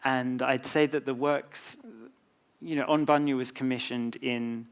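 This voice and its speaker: A man's voice: mid-range voice, fairly even intonation, measured pace, clear, resonant tone. An Australian man, a composer and guest, explaining his work thoughtfully in a live public conversation, with frequent ums.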